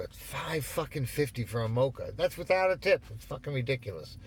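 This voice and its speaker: A man's voice: medium pitch, very animated, fast, slightly rough. A man in his fifties ranting in a rambling, exasperated way, swearing as he goes. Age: 50s. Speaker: ranter. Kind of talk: casual rant.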